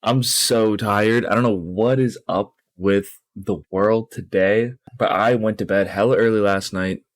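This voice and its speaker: A young man co-hosts a casual podcast, telling a long, rambling, tired story full of swearing. His voice is lowish and steady, with a measured pace, and there's no room sound.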